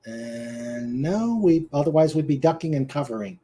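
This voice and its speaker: A man's voice: mid-range voice, expressive, dark tone, slight background noise. A man with a New England accent hosting a casual web show, telling jokes and laughing often. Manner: joking, unhurried, laughs often. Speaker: host.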